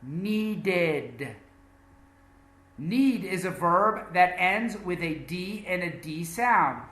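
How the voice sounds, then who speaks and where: A man teaching English pronunciation, drilling words slowly and emphatically. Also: high voice, fairly bright tone, reverberant. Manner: slow, deliberate drilling with emphatic repetitions.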